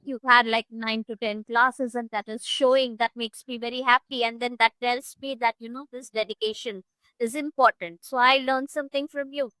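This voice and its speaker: A woman English tutor giving a one-on-one online lesson over a video call, talking expressively and demonstrating word stress and pauses. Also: fairly high pitch, steady tone, sharp tone, clean tone, no echo, low-quality recording.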